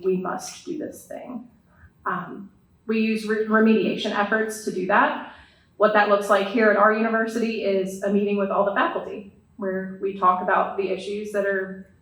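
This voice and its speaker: A woman who teaches counselor education, giving an earnest, explanatory academic presentation to an audience, with a touch of dry humor. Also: medium pitch. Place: lecture room with an audience. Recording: echoey room, voice from a distance.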